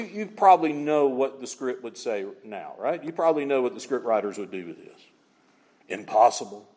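A man's voice: on the high side, long reverb tail. A man preaching a sermon, emphatic and full of rhetorical questions, speaking in a church sanctuary. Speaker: pastor.

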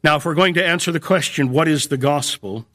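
A man preaching a sermon in a measured way, slowing down and lifting his voice to stress key phrases. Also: fairly high pitch, sharp tone.

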